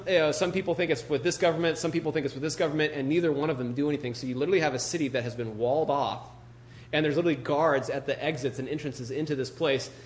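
Man, pastor, conversational sermon, joking asides, lots of fillers, fairly high pitch. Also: a little hiss or hum. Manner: chatty, joking, full of "you know" and "like". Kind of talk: conversational sermon with scripture reading.

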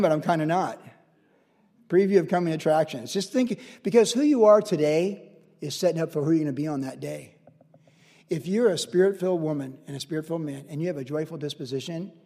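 A man preaching a casual verse-by-verse sermon, chatty and animated, acting out the people in his stories. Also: a little high, slightly rough. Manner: chatty, animated storytelling with acted-out quotes. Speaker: pastor. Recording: long reverb of a large church hall.

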